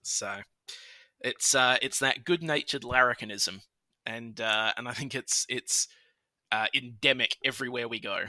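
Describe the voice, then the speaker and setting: Bright-voiced Australian man in his thirties. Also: medium pitch, unhurried, no room sound. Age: 30s. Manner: animated, laughs often, puts on voices for quoted people. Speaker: podcast host. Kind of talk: casual chat.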